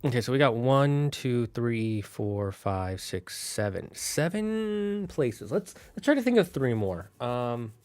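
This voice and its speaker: A man thinking aloud on a casual solo stream, building out a fantasy town with halting, restarting speech. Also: mid-range voice, big pitch swings, darkish tone, dry recording.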